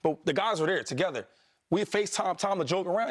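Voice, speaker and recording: A man who played professional football, telling animated stories as a sports panelist on a studio show. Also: high voice, quick pace. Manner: storytelling, animated, laughs easily.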